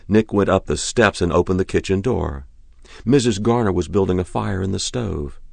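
A man narrating a short story in a measured, deliberate reading. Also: low-pitched, creaky, husky, no room sound.

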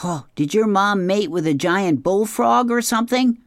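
Reader voicing a mocking dragon, raised pitch, jeering, comic-strip storytelling. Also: lively intonation, normal speed, no echo, studio quality, natural voice. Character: teasing dragon, mocking and brash.

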